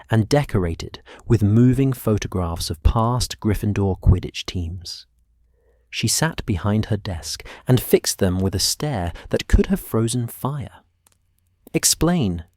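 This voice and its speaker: A man gently narrating a sleep story, hushed and unhurried. His voice is fairly low and the pace is very slow. The sound is close and dry, with no room around it. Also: dry recording.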